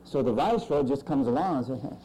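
A male pastor preaching a sermon with emphatic swings in pitch and loudness. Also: lively intonation, fast talker, slight background noise, low-quality recording.

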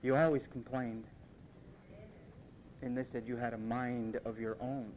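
A man preaching a sermon, emphatic and repetitive, mimicking what others say in quick asides. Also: mid-range voice, flat delivery, darkish tone, a little hiss or hum, poor audio.

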